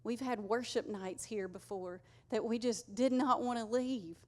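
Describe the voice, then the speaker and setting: A woman's voice: fairly high pitch, unhurried, darkish tone. A woman preaching a conversational, earnest sermon to her congregation. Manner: conversational, earnest, uses y'all.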